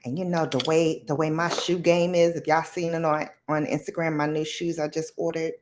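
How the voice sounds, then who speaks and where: A woman hosting a casual live stream, chatty and slangy, often calling out greetings to viewers in a loud, high voice. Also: level tone, moderate pace, a little hiss or hum. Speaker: livestream host.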